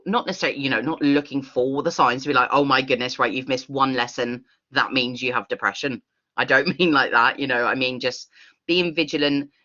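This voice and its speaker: A woman leading an online workshop, talking in an expressive, earnest way over a video call. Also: rumbling low, highs cut off. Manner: expressive, earnest, with quick laughs. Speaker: workshop facilitator.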